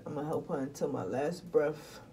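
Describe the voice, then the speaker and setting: A woman venting bluntly and profanely to her viewers in casual talk, swinging between muttering and loud outbursts. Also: sits low, moderate pace, gravelly, a little hiss or hum. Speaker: vlogger.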